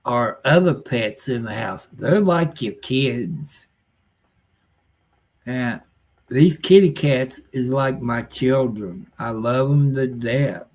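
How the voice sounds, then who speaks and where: Slow-talking folksy older man. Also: medium pitch, expressive, darkish tone. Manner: folksy, rambling, grumbling, with rural nonstandard grammar. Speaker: livestream host. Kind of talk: rambling casual live-stream chat.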